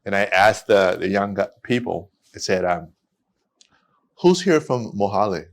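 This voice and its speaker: A man, a podcast guest telling stories in a lively way with many restarts. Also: lowish voice, unhurried. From United States. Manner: animated storytelling with many restarts. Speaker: guest, immigration attorney. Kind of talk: casual podcast conversation.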